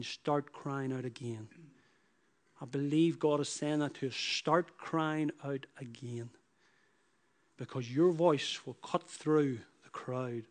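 A man's voice: fairly high pitch, darkish tone. A man preaching a sermon, building emphatic repeated phrases that rise in force. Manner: emphatic, repetitive preaching with rising bursts.

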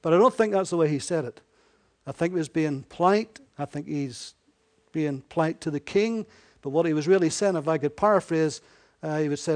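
A man's voice: a little high, fairly quick, a little mellow. A man preaching a sermon in a conversational way, often correcting himself and voicing scripture as dialogue.

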